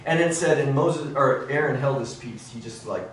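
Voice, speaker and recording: A middle-aged man teaching a Bible class in a church, animated, acting out quotes in lively voices. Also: medium pitch, normal speed. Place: church room. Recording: roomy echo, mic at a distance, faint noise.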